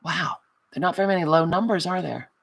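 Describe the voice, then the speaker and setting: A woman hosting a craft livestream, chatting casually, reading out viewer comments and answering them with affectionate, giggly warmth. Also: lowish voice, fast, gravelly, breathy edge. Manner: affectionate, calls viewers honey; giggly and self-mocking. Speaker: crafting channel host.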